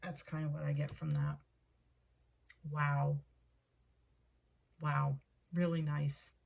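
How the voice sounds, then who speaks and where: A woman giving a casual tarot card reading, thinking aloud, repeating herself and getting excited over the cards. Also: low-pitched, slow pace, creaky. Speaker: tarot reader.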